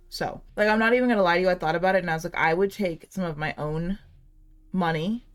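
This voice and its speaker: A woman in her late twenties chatting casually over gameplay, rambling and giggly, saying "like" a lot. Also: lowish voice. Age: late 20s. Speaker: gaming channel host.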